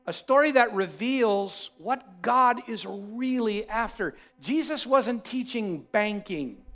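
High-voiced male pastor preaching. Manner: animated storytelling, repeats himself for emphasis. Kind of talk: sermon.

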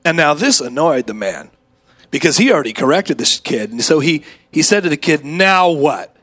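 A male preacher with a slightly raised pitch works the congregation, trading call-and-response with them. He drops to quiet asides and then rises to big shouted exclamations as he tells his story. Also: very animated, a little fast. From Atlanta area. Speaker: guest preacher. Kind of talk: energetic sermon with call-and-response. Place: church sanctuary.

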